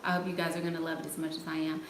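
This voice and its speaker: This livestream host races through her replies to live chat in a low voice with little pitch movement, laughing, sassy and slangy. The room is echoey, with faint noise.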